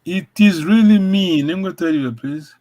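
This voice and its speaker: A man's voice: high voice, unhurried, darkish tone, poor audio. A man teaching a language over a video call, encouraging and repetitive, often laughing. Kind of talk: online language lesson.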